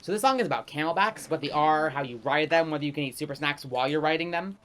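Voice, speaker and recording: A man performing a comedic pitch-meeting sketch, trading quick lines between two characters. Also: slight background noise. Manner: rapid, animated back-and-forth between two characters.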